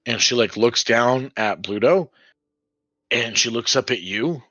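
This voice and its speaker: A man's voice: medium pitch, a little slow, bright, forceful tone, dry recording, highs cut off. A man running a tabletop game as game master, rambling with many fillers.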